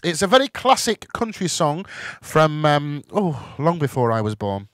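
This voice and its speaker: High-voiced chatty man host. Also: sing-song, measured pace, fairly bright tone, no room sound. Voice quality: chatty, self-deprecating, jokey asides. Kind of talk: casual live chat show, reading out viewer messages.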